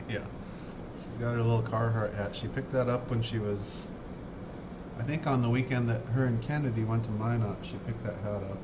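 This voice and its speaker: A man's voice: mid-range voice, steady tone, normal speed, pauses often, very noisy. A man with a North Dakota accent hosting a casual morning live stream from home, rambling and chatty while he builds a model. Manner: rambling, chatty, self-deprecating. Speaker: livestream host building a model kit. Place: home, indoors.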